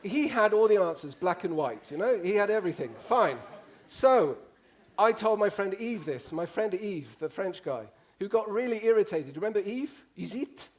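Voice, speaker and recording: A man tells funny stories from a stage with lively, joking energy. He slips into other people's voices as he goes, and his voice sits a little higher than most men's. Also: normal speed, hardly any pauses. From Italy. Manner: animated, joking, acts out voices. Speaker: conference speaker. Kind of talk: humorous storytelling talk. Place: stage before a live audience.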